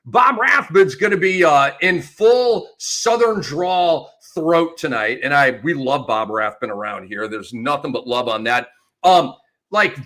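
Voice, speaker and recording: A man co-hosting a fantasy basketball betting show, excitable and slangy in casual chat. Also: fairly high pitch. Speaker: co-host.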